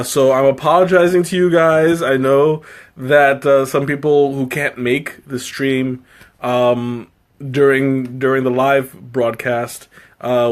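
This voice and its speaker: A man hosting a casual live tea-tasting stream, chatting to his viewers in a rambling, self-interrupting way, laughing often and teasing himself. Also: medium pitch. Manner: playful, self-mocking.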